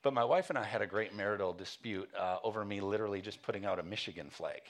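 A man's voice: fairly low pitch, quick pace. A male pastor preaching a sermon, telling a home story with frequent chuckles and then turning to earnest calls for passion. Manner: casual storytelling, chuckling often; earnest exhortation.

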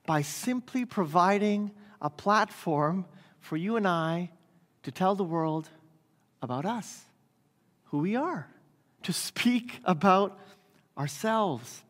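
A man's voice: sits high, fairly bright tone. A man preaching a sermon in a church in a conversational way, often checking in with the congregation by asking "right?". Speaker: pastor. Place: church sanctuary. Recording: long hall reverb.

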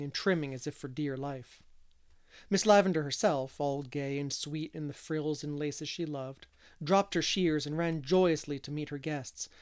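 A man reading a classic novel aloud as an audiobook narrator, measured and expressive. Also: a little high, clear, resonant tone. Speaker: audiobook reader. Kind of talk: storybook narration.

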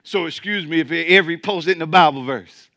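Male pastor, high bright voice, colloquial joking sermon, dry close sound. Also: brisk, dry recording. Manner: colloquial, joking preaching to a congregation.

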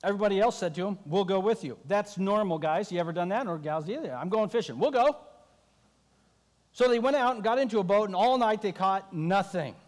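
High-voiced preacher in a big hall. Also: male voice, fast, few pauses. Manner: animated, acting out the disciples' voices. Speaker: pastor. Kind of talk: sermon.

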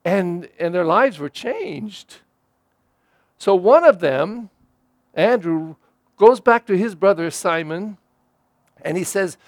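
Male pastor preaching, chatty, asks the folks questions, high voice swings all over, dry sound. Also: no room sound. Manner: conversational preaching with direct questions to listeners. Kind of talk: sermon.

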